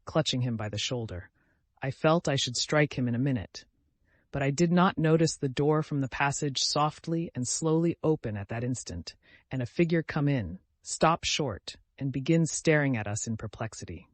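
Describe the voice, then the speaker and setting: Brief: male audiobook narrator, mid-pitched, even first-person reading, dry close recording. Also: no echo.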